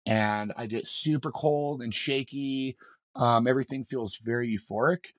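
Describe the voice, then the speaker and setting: A man's voice: medium pitch, steady tone, moderate pace, no echo. Man telling a wild story, dry close mic. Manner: vivid, swearing, rambling with fillers and restarts. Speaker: mountain guide and podcast guest. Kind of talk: casual storytelling in an interview.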